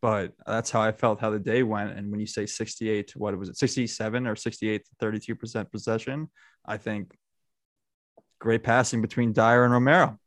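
A man's voice: on the low side, fairly even intonation, moderate pace, dry recording, studio quality. A man hosting a casual football chat, rambling with restarts and laughing often.

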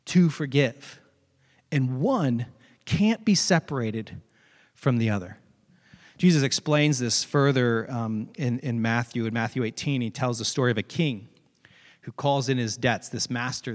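A pastor delivering a conversational sermon, retelling a parable with animated asides. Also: male voice, mid-range voice, long reverb tail. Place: church sanctuary.

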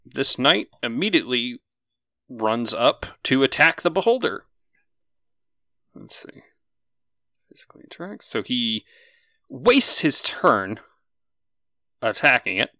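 A man narrating a tabletop game as game master. His voice is bright and animated, with a lively rise and fall, and it sounds close and dry on a home mic. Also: mid-range voice, slow pace, long pauses, no room sound. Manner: lively, casual, swears freely.

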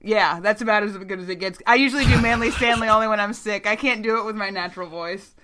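Bright-voiced playful woman host. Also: mid-range voice, fast. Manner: playful, laughs often. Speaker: podcast host. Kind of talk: casual podcast chat.

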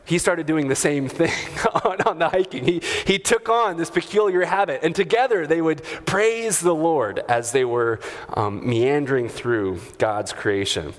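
A man preaching a sermon in a church, talking in a relaxed, conversational way with fillers and chuckling asides. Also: a little high, unhurried. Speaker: pastor. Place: church sanctuary. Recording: long hall reverb.

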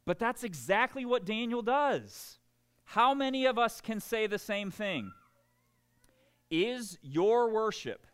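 A man preaching a sermon, animated and joking, often checking in with the congregation. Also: sits high, smooth. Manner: animated and joking, keeps asking the room "right?".

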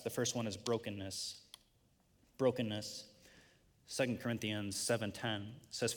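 A man's voice: lowish voice, in a large hall. A man in his thirties, a pastor preaching a sermon and working through scripture points with a personal story. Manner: storytelling, rising to excited peaks.

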